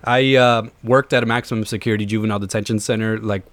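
A young man with a lowish voice who talks in a relaxed, easygoing way, full of small fillers. He chats as a guest on a podcast, sharing his story without hurry. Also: quick pace, dry recording. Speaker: podcast guest, social worker. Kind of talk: casual podcast chat.

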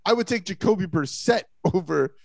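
A man's voice: high voice, expressive, moderate pace, gravelly, no echo. A man hosting a casual sports podcast, opinionated and emphatic, often stumbling over restarts. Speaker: podcast host.

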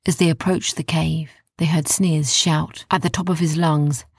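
A woman softly narrating a children's bedtime story in a hushed storytelling voice. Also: low-pitched, fairly even intonation, normal speed, husky, dry recording, clean studio sound.

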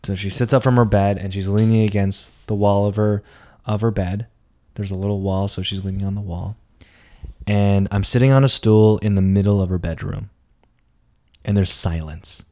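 A young man telling a personal story dramatically, swinging between hushed lines and emphatic, profane outbursts. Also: lowish voice, steady tone, moderate pace.

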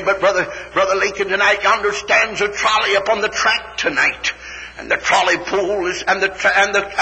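Fervent preacher man, ringing hall. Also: high voice. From West Virginia, USA. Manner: fervent old-time preaching, rising to shouted climaxes. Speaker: evangelist preacher. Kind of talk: revival sermon. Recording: reverberant hall recording.

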